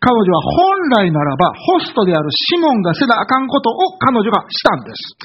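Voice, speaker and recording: A man preaching a sermon in a Kansai accent, telling the story animatedly and acting out the quoted speech, paused for an interpreter. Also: very high-pitched, big pitch swings, husky, muffled recording. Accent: Kansai Japanese.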